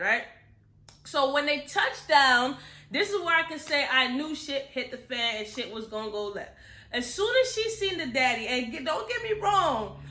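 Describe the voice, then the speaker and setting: A woman's voice: high-pitched, expressive, normal speed, bright, forceful tone, reverberant. A young woman in a casual book review chat. She is chatty and candid, uses slang, drifts off topic and keeps checking in with "right?".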